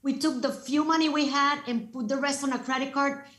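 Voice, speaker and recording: A woman's voice: high-pitched, brisk. Storytelling woman speaker in an echoey room. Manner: storytelling, animated and emphatic. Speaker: guest speaker. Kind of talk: motivational talk.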